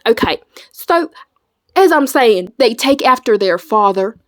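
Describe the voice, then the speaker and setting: Give me a slangy, animated woman with a higher voice talking casually for a reaction video. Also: a little slow. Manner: chatty, animated, swears freely, slangy. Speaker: video creator.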